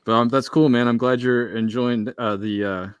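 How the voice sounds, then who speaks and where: A man's voice: medium pitch, fairly even intonation, normal speed, clear, resonant tone, dry recording, clean studio sound. A man hosting a livestream, reading viewer messages aloud and adding wry, sarcastic comments. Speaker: livestream host reading chat.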